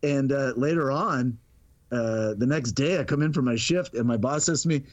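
A man's voice: mid-range voice, expressive, normal speed. A man telling a casual story in a chatty way, laughing often and tripping over his words. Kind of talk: casual anecdote. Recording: dull lo-fi audio.

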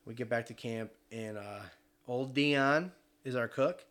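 A man's voice: mid-range voice, measured pace. Young guy telling a hunt story, swearing a lot, does voices, casual chat. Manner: animated, swears freely, acts out voices.

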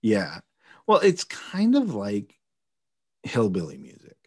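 Male co-host, lowish voice, dry close sound, relaxed and agreeable. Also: slightly rough, no room sound. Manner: easygoing, quick agreeing backchannels. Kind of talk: casual chat.

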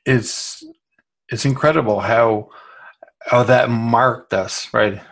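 Guy hosting an interview, kinda halting and reflective, lots of restarts. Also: mid-range voice, creaky, a bit bright. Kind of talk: casual interview conversation.

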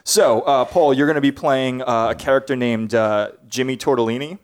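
A man co-hosting a comedy podcast, reading scene directions aloud in a halting way with many pauses and fillers. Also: medium pitch, smooth. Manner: halting, many uhs, slowing to read.

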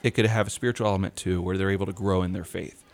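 A man co-hosting a podcast, telling lively stories in casual chat and laughing often. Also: sits low, rapid-fire, creaky. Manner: animated storyteller, laughs often. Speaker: podcast co-host.

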